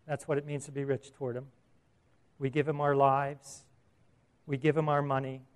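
A man's voice: medium pitch, little pitch movement, normal speed, clean tone. A man preaching a sermon in a conversational way, asking the audience questions and chuckling at his own asides.

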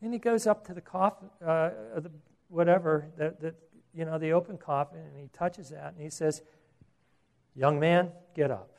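A man's voice: fairly high pitch, steady tone, moderate pace, gravelly, a little mellow. A man preaching a sermon, earnest, with repeated words and rhetorical questions.

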